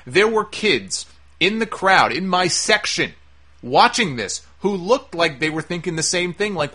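A man with a fairly high, bright voice talks through a wrestling show in a loose, casual monologue. He sounds opinionated and sarcastic, and he swears without holding back. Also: lively intonation, measured pace.

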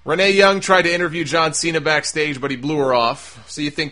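Casting note: bright, forceful male podcaster, sarcastic and profane, riffs fast on last night's wrestling. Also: fairly high pitch. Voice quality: sarcastic, animated, swears freely. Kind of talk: casual profane recap and rant.

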